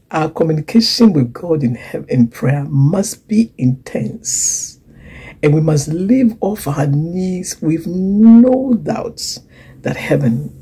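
A woman preaching a sermon, swinging from loud emphasis to hushed whispers and acting out the voices she quotes. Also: low voice, slightly rough, rough recording. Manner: acts out quoted voices and laughs between points.

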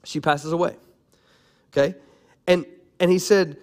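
Lively man pastor preaching a sermon. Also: fairly high pitch, unhurried, pauses often. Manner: animated, calls out to the congregation, playful.

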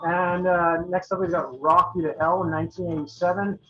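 On a dull lo-fi recording, a man with a high voice and fairly even intonation talks fairly quickly through albums he owns. He is a channel host and eager metal fan, and his talk rambles with many fillers and restarts.

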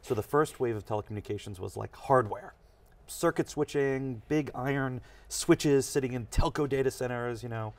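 A man, a technology executive, explaining ideas with energy in a studio interview. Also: medium pitch. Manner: energetic, explanatory, fast bursts. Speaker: chief technology officer, guest.

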